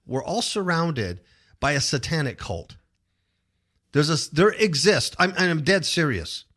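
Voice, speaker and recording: A man's voice: on the high side, a little slow. A man hosting a talk show, chatting casually and joking, often mocking people in put-on voices. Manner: animated, jokey, puts on mocking voices. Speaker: podcast host.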